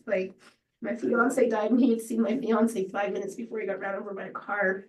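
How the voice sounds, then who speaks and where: A woman giving an unscripted memorial tribute to a friend, halting and rambling with many fillers and restarts. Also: fairly high pitch, steady tone, a little mellow. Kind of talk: emotional unscripted memorial speech. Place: memorial gathering room. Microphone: distant laptop or room mic on a video call. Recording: roomy, distant video-call audio.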